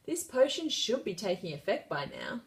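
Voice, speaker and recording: A woman's voice: mid-range voice, huge pitch swings, moderate pace, vocal fry, voice pushed up. A woman voicing a fussy old male wizard in a storybook reading. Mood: fretting.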